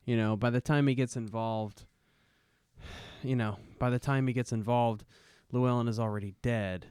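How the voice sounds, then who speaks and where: A man's voice: medium pitch, fairly even intonation, moderate pace, a little mellow, clean tone, no echo, studio quality. A man co-hosting a casual film podcast, rambling through his thoughts with lots of "you know". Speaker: podcast co-host.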